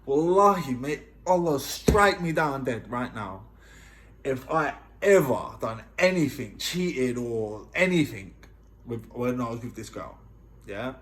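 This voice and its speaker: A man's voice: medium pitch, lively intonation, slow, a bit bright. A man earnestly telling his own story in a casual vlog, emphatic and often checking in with the listener.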